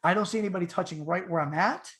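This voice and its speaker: A middle-aged man telling a story in a casual podcast chat, his voice jumping up and getting loud whenever he quotes himself. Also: high-pitched, rapid-fire. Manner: animated storyteller, voice rises sharply when quoting himself. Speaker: podcast co-host.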